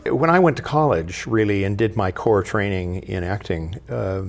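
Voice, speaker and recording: A man, guest host of a TV talk show, explaining history in a measured, professorial way. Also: fairly low pitch, vocal fry. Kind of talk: studio TV talk.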